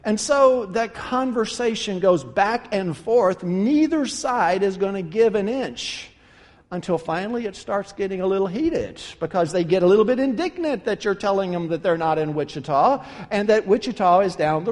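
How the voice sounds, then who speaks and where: A man preaching a sermon, telling an animated story and acting out the folksy dialogue of its characters. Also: high-pitched, normal speed, long reverb tail. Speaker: pastor.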